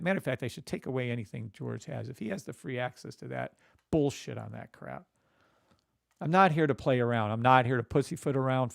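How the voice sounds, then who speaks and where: A man hosting a live trading stream, calling out trades to viewers and greeting them by name, excitable and profane, swinging from shouts to mutters. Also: medium pitch, gravelly. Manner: addresses chat viewers by name.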